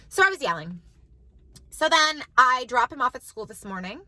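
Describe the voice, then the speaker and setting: Mom rambling to the camera, high bright voice, dry close sound. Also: female voice, animated, fast talker, dry recording, rough recording. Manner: chatty storytelling, fillers like "like". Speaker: mom vlogger. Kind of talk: casual chat to camera.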